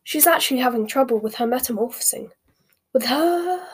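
A woman's voice: sits high, expressive, normal speed, slightly rough. A woman voicing an earnest, indignant, clever teenage girl witch.

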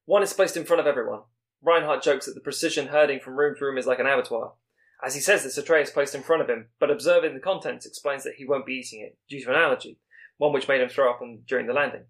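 Fast-talking man summarizing a plot. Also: medium pitch, fairly even intonation, a bit bright. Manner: brisk summarizing with small stumbles and restarts. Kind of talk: plot recap narration.

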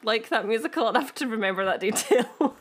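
A woman's voice: a little high, expressive, fairly quick. A Scottish woman co-hosting a podcast, chatting casually and telling a history story with giggly, self-deprecating asides. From Scotland. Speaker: podcast co-host.

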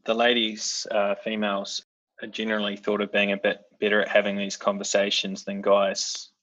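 Low flat-voiced guy, bright edge, curious host who swears a bit, kinda dull lo-fi audio. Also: moderate pace. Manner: curious, blunt, swears casually. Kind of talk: casual interview. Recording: dull lo-fi sound.

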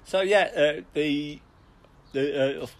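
A middle-aged man, co-hosting a podcast and telling lively, chuckling anecdotes with plenty of restarts. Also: on the high side, takes it slowly. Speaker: podcast co-host. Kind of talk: casual storytelling.

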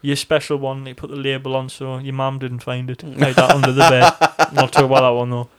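A man's voice: medium pitch, level tone, a little fast. A man with a North East English accent, co-hosting a podcast in casual banter, swearing freely and joking around. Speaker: podcast co-host.

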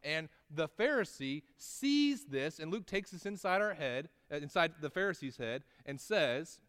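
Sermonizing male pastor, fairly high voice. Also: big pitch swings, fairly bright tone, smooth, long reverb tail. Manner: storytelling, rising in pitch and volume at dramatic moments, slowing for emphasis; conversational with tag questions and restarts.

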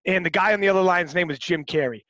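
A man in his forties hosting a casual chat, telling profane, animated stories. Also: high-pitched, fast, dry recording, highs cut off. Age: 40s.

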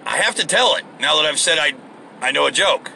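A man with a bright, somewhat high voice and lots of gravel in it, rambling through a solo podcast from his car. He swears freely and pokes fun at himself. Faint traffic hum sits behind him. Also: animated, fairly quick. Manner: profane and self-deprecating. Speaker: podcast host. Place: car, on the drive to work.

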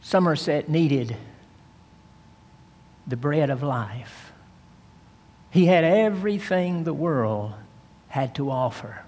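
A man delivers a sermon, retelling a story with slow, emphatic drama. His voice is a little husky. It rings out with a long reverb, as if in a large church hall. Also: on the high side, expressive, darkish tone. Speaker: preacher.

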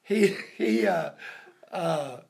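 A man telling a family story in a casual, unhurried way, rambling with many fillers. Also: on the high side, lively intonation, a little mellow, breathy edge.

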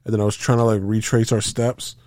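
A man on a podcast telling a long gaming story, animated and profane, acting out quotes and gunfire sounds. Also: lowish voice, fast talker, no room sound, clean studio sound. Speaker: podcast co-host. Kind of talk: casual storytelling chat.

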